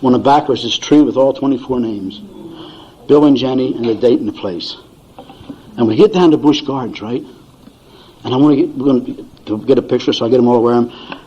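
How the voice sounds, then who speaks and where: A man's voice: mid-range voice, fairly quick, long pauses, mellow, a little hiss or hum. An older man speaking at a recovery meeting, telling folksy, chuckling stories to an audience and acting out his family's voices. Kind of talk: storytelling talk to an audience. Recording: dull lo-fi recording.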